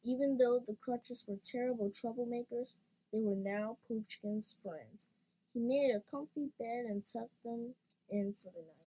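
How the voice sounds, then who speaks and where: A woman reading a children's storybook aloud in an expressive, playful way. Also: a little high, a little slow, breathy edge, low-quality recording.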